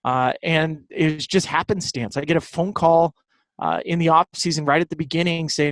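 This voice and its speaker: A man speaking as a guest in a casual interview, an animated storyteller who repeats words. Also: fairly high pitch, moderate pace, no echo. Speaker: guest, baseball broadcaster.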